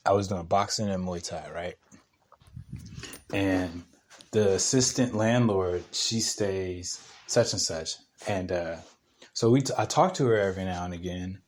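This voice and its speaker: A young man telling stories on a podcast in a casual, slangy way, laughing often and rambling with restarts. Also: low-pitched. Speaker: podcast co-host. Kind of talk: casual storytelling chat.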